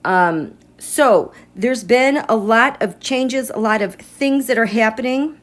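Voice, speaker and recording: Her voice sits on the higher side and moves slowly as she hosts a home livestream about tarot and astrology. The chat is loose and rambling, with viewers welcomed by name.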